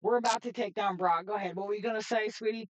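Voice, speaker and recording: A woman streamer giving excitable, chatty live gameplay commentary. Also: mid-range voice, fast, dull audio. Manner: excitable, chatty, laughs often.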